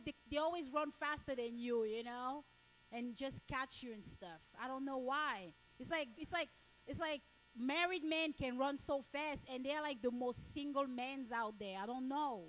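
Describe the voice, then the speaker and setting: High-pitched woman from cameroon doing stand-up, blunt and crude, faint hum behind. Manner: blunt, crude, repeats herself, breaks into shouts. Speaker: stand-up comedian. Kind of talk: stand-up crowd work.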